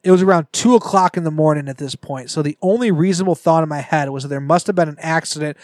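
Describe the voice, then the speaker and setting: A man's voice: on the high side, fast, darkish tone, no room sound. A man on a podcast reading a scary story aloud and breaking off for joking asides. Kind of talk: casual storytelling read-aloud with banter.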